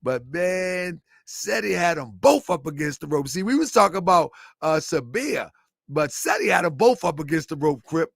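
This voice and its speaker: Speaking at normal speed in a slightly high voice with vocal fry, a middle-aged show host rambles animatedly, repeating himself and erupting into laughter. The studio-quality audio has no room sound.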